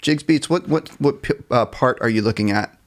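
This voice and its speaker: A man at an everyday middle pitch teaches a jazz band class live over a computer mic. He counts off bars, sings short scat lines and jokes about his own slips. His tone stays relaxed and encouraging. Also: moderate pace. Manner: upbeat and encouraging, counts off and scats melodies; self-deprecating about small mistakes. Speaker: music teacher.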